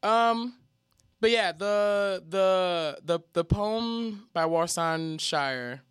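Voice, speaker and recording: Animated, profane podcast co-host. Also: medium pitch, extremely slow, clear, resonant tone, dry recording, clean studio sound. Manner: animated, profane, acts out quotes. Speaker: teacher. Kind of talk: casual podcast chat.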